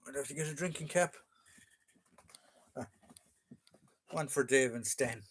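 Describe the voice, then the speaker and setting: A man's voice: mid-range voice, measured pace, a little hiss or hum. A man with an Irish accent, hosting a casual live chat, reading viewer comments and joking with frequent fillers. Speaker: livestream host.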